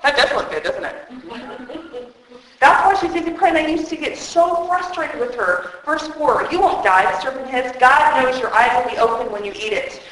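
A woman preaching a sermon, animated and joking, acting out little voices as she teaches. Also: high-pitched, normal speed, few pauses. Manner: animated, jokey, acts out voices. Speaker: women's speaker preaching on Genesis. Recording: very echoey hall.

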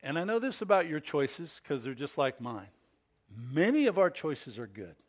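A male pastor preaching a sermon in an expressive way, acting out scripture scenes. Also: a little high, normal speed.

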